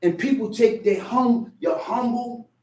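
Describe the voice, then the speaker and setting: A man's voice: very high voice, a little slow, mellow, slight background noise. A man preaching a sermon, telling a personal story and acting out the voices in it. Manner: storytelling, acts out voices in quotes. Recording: echoey room, mic at a distance.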